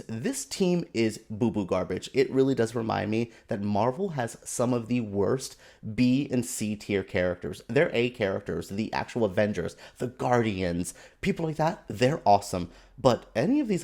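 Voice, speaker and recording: With a lowish voice, this man delivers an exasperated, lively rant as a film commentator, keeping it casual and dotting it with sarcasm.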